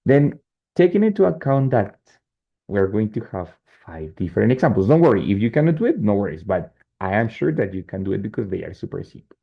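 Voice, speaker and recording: Low, gravelly Spanish-accented teacher. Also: male voice, sing-song. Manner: explains slowly, checks in with "right?" and "no?", switches into Spanish. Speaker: English teacher. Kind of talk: online class teaching. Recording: muffled lo-fi call audio.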